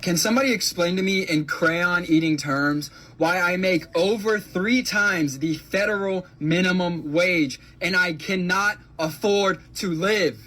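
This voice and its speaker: A man rants to camera with open exasperation and a sarcastic edge, swearing as he goes. His voice is high for a man and has a husky, breathy grain. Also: a little slow, hardly any pauses, bright, forceful tone. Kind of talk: frustrated rant to camera.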